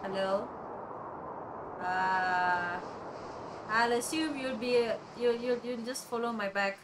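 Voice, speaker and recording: A woman commentating her video game play, chatty and excitable, talking to the characters and swearing casually. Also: a little high, slow pace, background noise. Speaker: gamer playing a video game. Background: soft game music.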